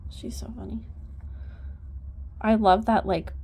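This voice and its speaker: A woman horse trainer filming on a handheld phone outdoors by a trailer, talking softly and coaxing her horse with praise. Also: medium pitch, fairly even intonation, takes it slowly, vocal fry, husky. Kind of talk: casual training vlog. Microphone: handheld phone camera.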